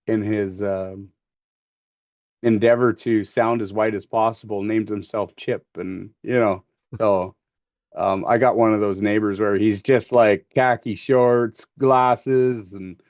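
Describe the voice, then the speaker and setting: In slightly dull, lo-fi stream audio with no room sound, a man with a mid-range, darkish voice runs a casual livestream from a workshop. He demos 3D scanning, joking and rambling with plenty of fillers and restarts.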